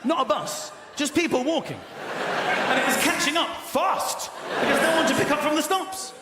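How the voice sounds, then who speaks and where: A man on stage in a large theatre, telling a wry stand-up story with deadpan quoted lines. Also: extremely high pitch, moderate pace. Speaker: stand-up comedian. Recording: roomy live theatre with loud noise.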